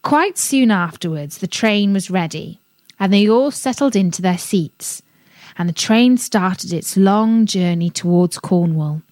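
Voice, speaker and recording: A woman reading a children's story aloud on a radio show, gentle and expressive. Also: medium pitch, a little slow, no room sound.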